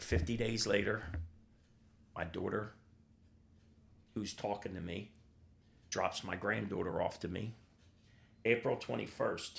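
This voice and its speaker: This older man's voice is gravelly, lowish, and fairly bright. Appearing on a podcast, he recounts his life candidly, bluntly and rawly, swearing freely and performing the voices of the characters in his tale.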